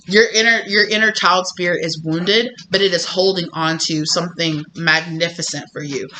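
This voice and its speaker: Bright-voiced chatty woman tarot reader. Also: lowish voice, slight background noise. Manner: chatty, filler-heavy, acts out quoted voices. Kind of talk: casual tarot reading.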